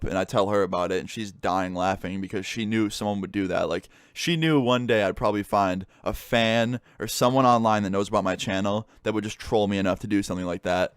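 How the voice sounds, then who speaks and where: A man's voice: fairly low pitch, clear, resonant tone, dry recording, studio quality. A young man casually telling a storytime tale to his viewers, swearing a lot and filling his talk with "like.". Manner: swears freely, full of "like" fillers. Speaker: YouTube storyteller.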